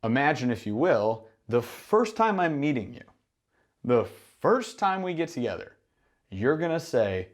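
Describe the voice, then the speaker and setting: A man's voice: medium pitch, sing-song, measured pace. A man coaching gym owners in a monologue, emphatic and full of rhetorical questions and acted-out exchanges. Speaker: business mentor for gym owners. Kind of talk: instructional monologue.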